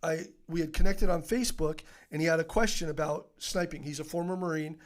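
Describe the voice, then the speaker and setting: Man, middle-aged, slightly high voice, animated storyteller, interview guest. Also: brisk. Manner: animated, laughs often, many fillers and restarts. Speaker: podcast guest, author.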